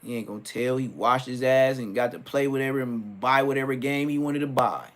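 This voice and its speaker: A man's voice: medium pitch, a little fast. Joking man streaming live. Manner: joking, storytelling with acted-out quotes. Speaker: livestream host. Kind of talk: casual livestream rant.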